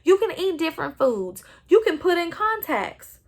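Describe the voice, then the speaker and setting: High-voiced impassioned Texan woman. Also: big pitch swings, normal speed. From Southeast Texas. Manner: impassioned, earnest. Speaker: podcast host. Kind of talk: solo podcast monologue. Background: no other speakers or sounds.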